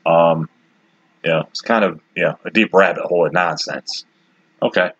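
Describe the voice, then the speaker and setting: Podcast host, male, 40s: blunt and rambling, husky voice, dry close sound. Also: deep voice, normal speed, a bit bright, no echo, highs cut off. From Detroit, USA. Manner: rambling, blunt and opinionated, with frequent asides. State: has the hiccups. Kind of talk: casual solo commentary.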